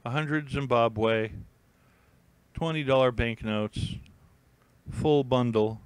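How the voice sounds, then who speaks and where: A man's voice: medium pitch, takes it slowly, clear, resonant tone, no room sound, poor audio. A man hosting a casual live stream, rambling and thinking aloud with many fillers and restarts while he browses listings. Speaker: YouTube host.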